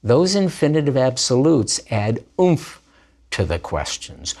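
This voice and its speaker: Slow, deliberate male language teacher. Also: mid-range voice, very animated, a little mellow. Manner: slow, deliberate enunciation with playful asides. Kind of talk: scripted Hebrew grammar lesson.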